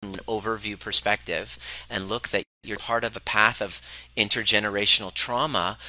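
Male relationship coach, blunt and repetitive, pitched low but with a sharp, forceful tone, close and dry. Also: fairly even intonation, moderate pace, no room sound, poor audio. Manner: emphatic and blunt, swears freely; repeats phrases for emphasis. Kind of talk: motivational talk to a live group.

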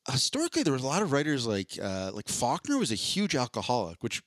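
A man co-hosting a comedy podcast in casual, rambling chat, cracking jokes and tossing in quick impressions. His pitch sits right in the middle for a man. The sound is dry and close to the mic. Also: wildly swooping pitch, fairly bright tone, no echo. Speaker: podcast co-host.

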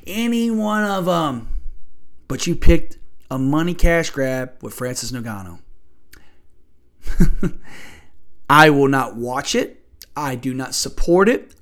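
A man's voice: fairly high pitch, a bit bright. A man hosting a podcast and delivering a blunt, profane sports rant full of rhetorical questions. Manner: argumentative, asks rhetorical questions. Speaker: podcast host.

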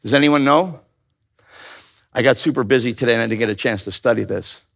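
A man teaching a Bible study in a lively, joking way, often calling on his listeners to answer. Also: mid-range voice, a little fast, gravelly. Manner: animated, playful, calls out to the audience. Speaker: pastor.

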